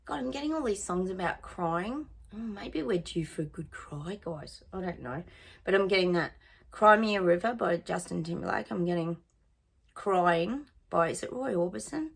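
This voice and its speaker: Chatty woman, gravelly voice. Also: lowish voice, animated, normal speed. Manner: chatty, sings song snippets, trails off. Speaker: psychic. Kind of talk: casual psychic reading monologue.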